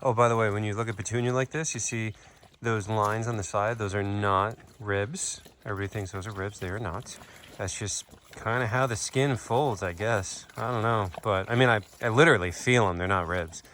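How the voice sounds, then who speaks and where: A man's voice: on the low side, normal speed, slight background noise. A man keeping an animal sanctuary, chatting casually on his vlog and cooing affectionately at the animals outdoors. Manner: cooing baby talk to the animals, relaxed explaining. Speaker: animal sanctuary keeper and vlogger.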